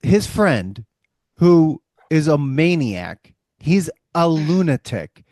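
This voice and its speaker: A man co-hosting a podcast, recapping scenes with animated asides. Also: fairly high pitch, slow pace, no room sound. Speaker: podcast co-host. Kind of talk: casual chat.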